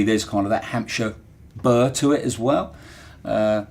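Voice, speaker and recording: Low-voiced man with a Portsmouth accent. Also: measured pace, darkish tone. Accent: Portsmouth English. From Portsmouth, England. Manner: chatty and thoughtful, with frequent fillers and restarts. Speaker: interviewee, former dockyard worker. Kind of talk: reflective podcast storytelling.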